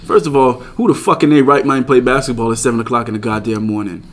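A man's voice: mid-range voice, steady tone, fast. A man co-hosting a podcast in casual banter, rambling and swearing, often restarting his sentences. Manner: rambling, profane, restarts a lot. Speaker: podcast co-host.

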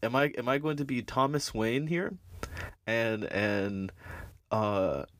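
A man's voice: mid-range voice, takes it slowly, no room sound. Rambling man talking with laughs. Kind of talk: casual comedic monologue.

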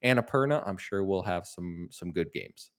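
A man's voice: deep voice, animated, normal speed. A man hosting a gaming podcast, casual and blunt, giving frank opinions with a joking edge. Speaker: podcast host. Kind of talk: casual chat.

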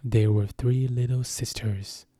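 A man reading a hoarse, sleepy Dormouse. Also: mid-range voice, steady tone, takes it slowly, mellow, no room sound, studio quality. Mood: drowsy. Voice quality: hoarse, feeble. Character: the Dormouse, a sleepy, sulky little creature. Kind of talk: storybook reading.

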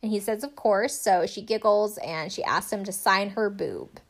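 A woman's voice: medium pitch, normal speed. Chatty sarcastic young woman recapping. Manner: chatty, sarcastic, lots of "like" and laughs. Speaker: podcast host recapping a TV show. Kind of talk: casual recap chat.

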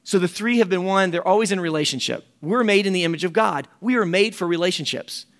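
Gravelly middle-aged man speaker. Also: high-pitched, fast, a bit bright. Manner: folksy storytelling with quoted voices. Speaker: camp ministry director. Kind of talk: conference talk.

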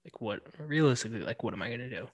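A man's voice: medium pitch, animated, rapid-fire, husky, no echo. A young man from New York, chatting casually as a podcast co-host, laid-back and wry with frequent swearing. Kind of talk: casual chat.

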